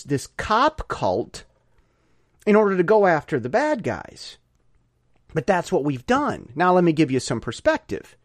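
A man giving an emphatic opinion monologue, halting and often repeating words as he restarts his sentences. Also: fairly high pitch, no echo, clean studio sound. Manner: emphatic, ranting. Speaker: commentator.

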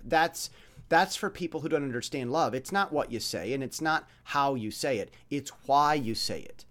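Male podcast host, blunt and rambling, lots of stammered restarts, pitch swinging widely up and down. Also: lively intonation, brisk. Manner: mimics dramatic voices when illustrating points. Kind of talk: rambling monologue.

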